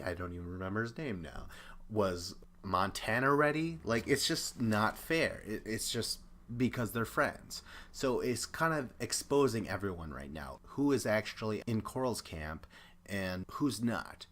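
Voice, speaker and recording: A man's voice: lowish voice, animated, moderate pace, a bit bright. Chatty opinionated man recapping a show. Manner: chatty, opinionated, acts out quotes. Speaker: podcast host. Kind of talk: casual recap commentary.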